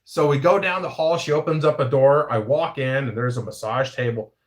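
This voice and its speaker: A man's voice: medium pitch, a little fast. A man hosting his own show, telling a story in a profane, rambling, self-interrupting way. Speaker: podcast host. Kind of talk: casual storytelling.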